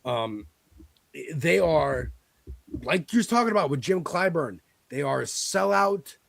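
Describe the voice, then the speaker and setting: A man's voice: fairly high pitch, lively intonation, slow, vocal fry, dry recording. An American man hosting a podcast, talking loosely about politics and celebrities, laughing and swearing. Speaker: podcast host. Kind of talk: casual political chat.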